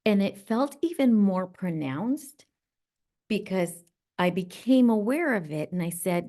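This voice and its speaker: A middle-aged woman hosting a podcast, telling a personal story in an animated, reflective way. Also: mid-range voice, unhurried. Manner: animated, reflective, acts out voices. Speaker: podcast host.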